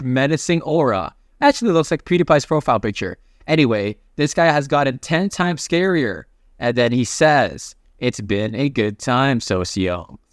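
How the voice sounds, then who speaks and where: A man's voice: on the high side, no room sound, studio quality. Chatty man narrating a comic recap. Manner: chatty, excitable.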